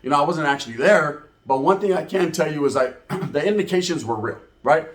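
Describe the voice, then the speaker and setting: A man telling a profane, slang-heavy street story in a comedic, animated way. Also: a little high, fairly quick.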